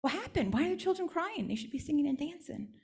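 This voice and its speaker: A woman's voice: sits high, sing-song, fast, creaky, darkish tone, pitched above the performer's own voice, exaggerated voice. A woman voicing a stern male creator spirit who gives orders. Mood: commanding. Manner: commanding.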